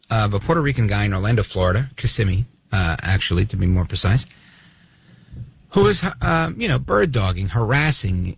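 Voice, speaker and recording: A man hosting a talk radio show, giving sarcastic, animated commentary. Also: on the low side, creaky, husky, dry recording. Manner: sarcastic, animated, acts out voices of others.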